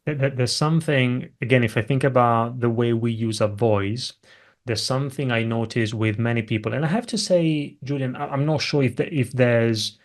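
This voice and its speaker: A man's voice: mid-range voice, moderate pace. A man from Italy hosting a podcast and asking thoughtful questions, often restarting his phrasing. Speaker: podcast host. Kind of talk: interview questions.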